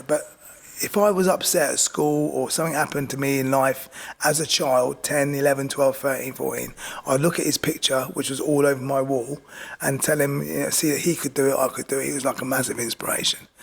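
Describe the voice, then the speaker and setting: Animated man with a gravelly voice. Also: medium pitch, brisk. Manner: animated, repeats "do you know what I mean". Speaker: boxing coach and podcast guest. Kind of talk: casual storytelling.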